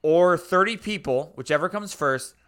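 A man's voice: a little high, moderate pace, a bit bright, clear, resonant tone. A man co-hosting a podcast in casual chat, insistent and laughing often. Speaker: podcast co-host.

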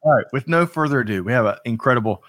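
A man's voice: medium pitch, expressive, rapid-fire, a bit bright, no echo, clean studio sound. A man hosting a live talk show, greeting viewers by name in an upbeat way with a few stumbles. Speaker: host.

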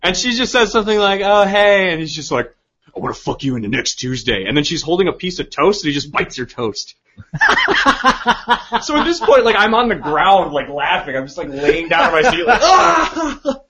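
A man's voice: sits high, very animated, moderate pace, bright, forceful tone. A man co-hosting a casual comedic podcast, animatedly retelling and acting out movie scenes. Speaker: podcast co-host.

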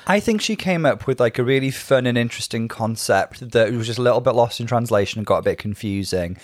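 A man's voice: medium pitch, quick pace, no room sound, clean studio sound. A man co-hosting a podcast, giving chatty, reasoned opinions. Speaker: podcast co-host. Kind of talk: casual chat reviewing a drag show.

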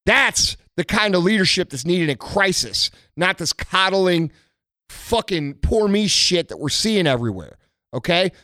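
Blunt, swearing high-voiced man. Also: sharp tone, dry recording, clean studio sound. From United States. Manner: blunt, aggressive, heavy swearing. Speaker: motivational speaker. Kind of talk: profane motivational rant.

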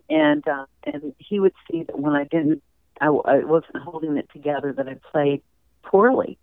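A woman's voice: sits low, animated, a little slow, creaky, no echo. A woman guest telling stories in a chatty, conversational way during an interview, laughing easily. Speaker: interview guest, former golf champion. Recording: tinny phone line.

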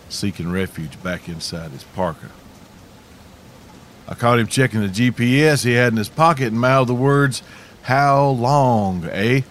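A man's voice: on the low side, a little hiss or hum. A man from Arkansas, telling a scripted outdoor story with dry, wry humor. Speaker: podcast host.

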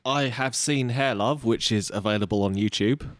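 A man co-presenting a casual podcast chat, talking in a relaxed, matter-of-fact way. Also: medium pitch, moderate pace, no echo.

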